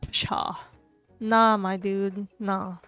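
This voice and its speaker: A woman's voice: mid-range voice, flat delivery, very slow, a bit bright, smooth, soft background music. A woman voicing a snarky male classmate in a dating game, sarcastic and dismissive. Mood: mocking.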